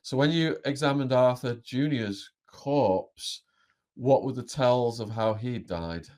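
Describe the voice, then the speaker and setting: A man's voice: medium pitch, slow pace, darkish tone. A man with a mid-range voice hosts an interview. He asks his guest direct, curious questions. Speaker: interviewer, podcast host.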